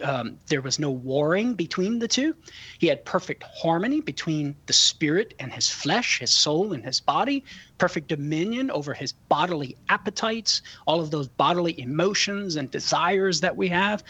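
Male radio expert, slightly high, husky voice, dry studio, measured explaining. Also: a bit bright, dry recording. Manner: careful, explanatory. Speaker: radio show guest expert. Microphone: studio microphone.

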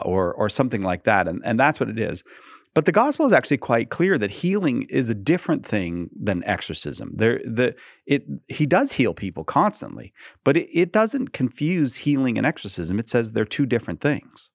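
A man's voice: lowish voice, very animated, fairly quick, no echo, clean studio sound. A man in a discussion making his point animatedly, with stammering restarts. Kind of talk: casual discussion.

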